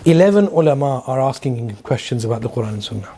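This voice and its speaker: Here a middle-aged Islamic teacher from London delivers a Quran lesson to his class in an informal style, full of questions for the audience and anecdotes. His medium-pitched voice is warm, lively and quick, and faint background noise can be heard.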